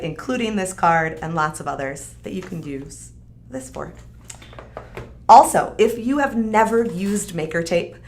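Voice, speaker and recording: Woman, live stream host, casual product demo, chatty and upbeat, lowish voice. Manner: upbeat, chatty, frequent fillers. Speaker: live stream host presenting a craft kit.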